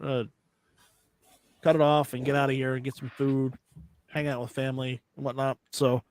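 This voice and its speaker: A man's voice: mid-range voice, flat delivery, normal speed, a little mellow, slight background noise. A man hosting a casual live stream, joking with his co-hosts and wrapping up the show. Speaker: host.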